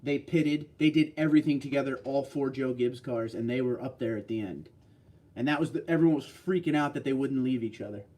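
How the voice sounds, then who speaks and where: A man's voice: medium pitch, brisk, dark tone. A man from New York hosting a casual livestream, reading out viewer comments and bantering back.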